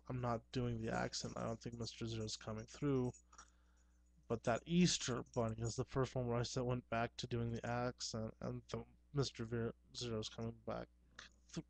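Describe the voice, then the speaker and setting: A man's voice: medium pitch, vocal fry. A man, a clown performer, talking through a casual rambling monologue in an earnest, self-assured way, often restarting his sentences.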